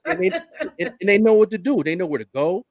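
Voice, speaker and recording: A man's voice: high voice, fast, vocal fry, no echo. An older man and radio show host, telling stories in casual chat, laughing often. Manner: animated storyteller, laughing often.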